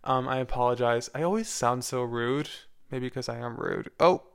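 Young man in his twenties, solo podcast chat, rambling and candid, smooth clear voice, mid pitch. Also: normal speed. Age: 20s. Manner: rambling and candid, with frequent fillers and swearing. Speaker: podcast host; university music student.

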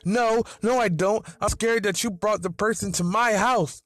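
A man voicing an annoyed, bossy teenage girl who yells a lot. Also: high-pitched, normal speed, dry recording, soft background music, pitched above the performer's own voice. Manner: yelling, exasperated.

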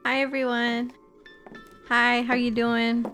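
A woman's voice: a little high, slow, faint music behind. A woman co-hosting a podcast, telling stories with giggles and casual swearing. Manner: giggly, animated storytelling with swearing. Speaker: podcast co-host. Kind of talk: casual chat.

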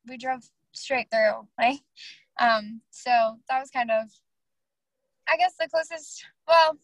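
High-voiced chatty woman guest. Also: takes it slowly, no echo, poor audio. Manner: chatty, laughing, filler-heavy storytelling. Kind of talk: casual interview chat.

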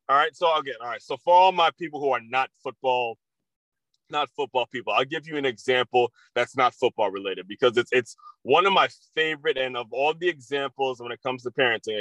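A man's voice: a little high, a bit bright, no echo, poor audio. A man hosting a podcast, talking casually and candidly with frequent swearing and restarts. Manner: candid, profane, repetitive restarts. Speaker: podcast host. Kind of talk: casual monologue.

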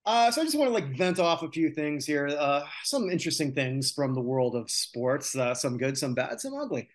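A man's voice: a little high, expressive, normal speed. A man hosting a casual sports talk podcast, venting his opinions with lots of filler sounds. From North America. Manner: opinionated, ranting, many filler "uh"s. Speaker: podcast host.

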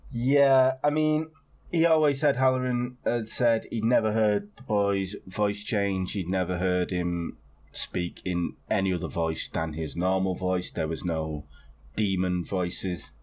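Man, lowish voice, casual podcast storyteller, rambling, wry, swears now and then. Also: steady tone, unhurried, a little mellow. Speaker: podcast co-host. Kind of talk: casual chat.

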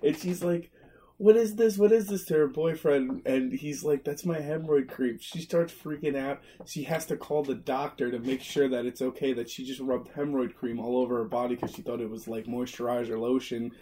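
A man's voice: mid-range voice, little pitch movement, brisk, few pauses, mellow, slight background noise. A young man co-hosting a podcast, telling a story casually, laughing and swearing as he goes. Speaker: podcast co-host.

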